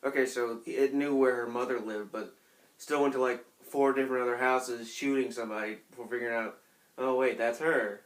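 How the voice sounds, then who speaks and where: A man co-hosting a podcast, speaking at a middling pitch. He poses musing, half-joking questions, casual and loose with many fillers. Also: fairly even intonation, fairly quick. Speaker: podcast co-host. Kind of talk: casual chat.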